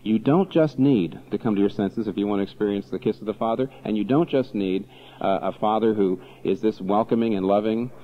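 A man preaching a sermon as pastor, animated and full of rhetorical questions. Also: fairly low pitch, fairly quick, highs cut off.

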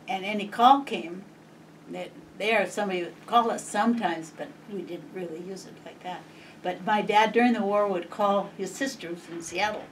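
Older Montana woman reminiscing. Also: lowish voice. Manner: lively, chuckling reminiscence with acted quotes. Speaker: interviewee. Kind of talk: oral history storytelling. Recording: distant mic, faint noise.

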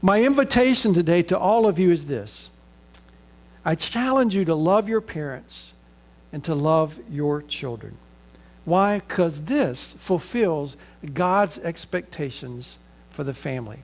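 A man's voice: fairly high pitch, lively intonation, unhurried. A middle-aged man with a Southern American accent, an earnest pastor preaching a sermon and leading a prayer.

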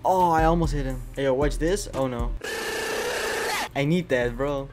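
A man's voice: medium pitch, moderate pace. A young man giving casual, playful commentary over a video game, laughing and bantering as he trolls other players. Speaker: gaming YouTuber. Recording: voice over faint background music.

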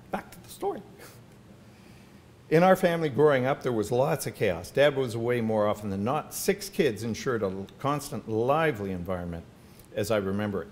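A man's voice: on the low side, a little hiss or hum. An older man giving an anecdotal talk about his family to an audience at a podium microphone. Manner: warm anecdotal storytelling with asides. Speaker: featured speaker at a symposium. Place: university hall with audience.

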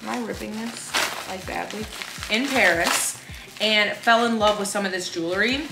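Loud background music plays in a roomy space as a young influencer unboxes and chats casually for her vlog. Her mid-range voice is gravelly and moderately paced, and she gushes and gasps while seeming slightly tired.

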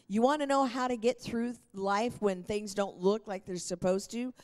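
A woman's voice: mid-range voice, steady tone, normal speed, few pauses, darkish tone. A middle-aged woman preaching a sermon in an earnest, encouraging way. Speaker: pastor.

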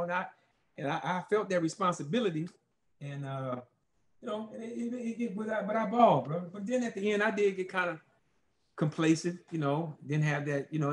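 A man, a former football player telling stories in a casual interview, rambling and animated with lots of fillers. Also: on the high side.

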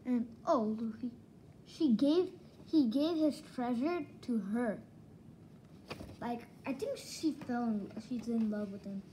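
Slow, mellow-voiced woman rambling through a review. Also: fairly high pitch, slight background noise, low-quality recording. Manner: rambling, excitable retelling with many restarts. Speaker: book reviewer. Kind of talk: casual manga review.

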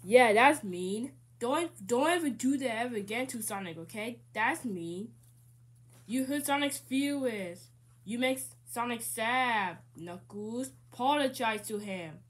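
A woman's voice: a little high, lively intonation, a little slow. Tails: a protective young fox, as a woman puts him on, firm scolding, homemade fan dub.

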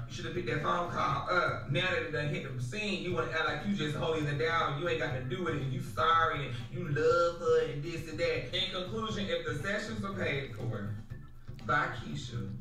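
Man, high voice, sassy gossip host, echoey room, music behind. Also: pushed and bright, far from the mic. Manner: sassy, dramatic, campy slang. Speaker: show host. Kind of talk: gossip commentary.

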